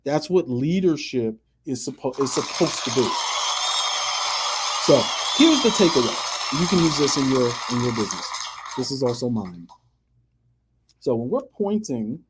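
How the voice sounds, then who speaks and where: Emphatic husky-voiced male host. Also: medium pitch, big pitch swings, unhurried, long pauses. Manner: emphatic, repeats phrases, acts out quoted people. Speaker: podcast host. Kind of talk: motivational radio talk.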